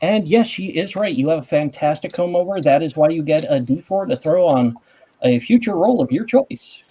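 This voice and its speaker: A slightly high, husky man narrates a tabletop game as its game master. He is wry and playful, and the audio sounds dull and lo-fi. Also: lively intonation, normal speed, dark tone.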